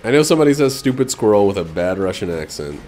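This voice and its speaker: A man chats loosely over his own gameplay, cracking jokes and rambling from one thought to the next. His voice sits low but swings widely in pitch, jumping into sudden excited yelps. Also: quick pace, faint music behind. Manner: rambling, jokey, excitable outbursts. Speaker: game streamer. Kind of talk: casual let's-play commentary.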